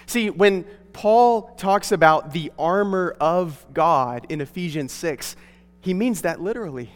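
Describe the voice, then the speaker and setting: A man's voice: high-pitched, lively intonation, unhurried. A pastor delivering an earnest, emphatic sermon to his congregation in a church. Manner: earnest, emphatic preaching with rising stresses. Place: church sanctuary. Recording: long hall reverb.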